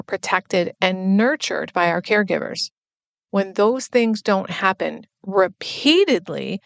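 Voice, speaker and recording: A woman's voice: mid-range voice, vocal fry, no room sound. A woman hosting a podcast as a recovery coach, speaking in an earnest, explanatory personal monologue.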